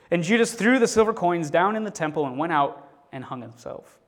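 A man's voice: fairly high pitch, lively intonation, brisk. A man reading a scripture passage with expression, then teaching from it in a casual, unscripted way with frequent fillers and restarts.

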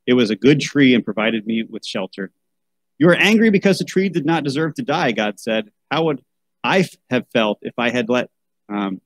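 A man's voice: mid-range voice, dry recording, low-quality recording. A man reading a children's Bible story aloud, breaking off for wry asides and a rant about how such books should be chosen. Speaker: podcast host.

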